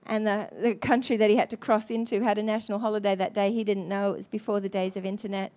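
A woman preacher telling a story in an earnest, halting way, with many restarts. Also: medium pitch, flat delivery, a little mellow. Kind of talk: sermon storytelling.

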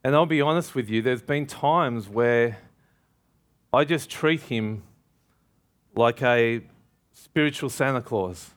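A man's voice: mid-range voice, takes it slowly, long pauses. Emphatic man preaching a sermon. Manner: emphatic, calls out questions to the congregation.

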